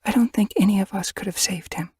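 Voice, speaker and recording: A man's voice: high-pitched, fast, a little mellow, slightly rough, dry recording, studio quality, pitched above the performer's own voice. Mothflight, an anxious she-cat, as a man puts her on. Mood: grieving. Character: anxious young she-cat medicine cat mother.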